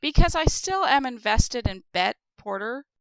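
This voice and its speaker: A woman's voice: a little high, animated, unhurried, clear, resonant tone, no echo. A woman co-hosting a podcast, telling stories in a rambling, chatty way with lots of fillers. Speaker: podcast co-host. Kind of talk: casual chat.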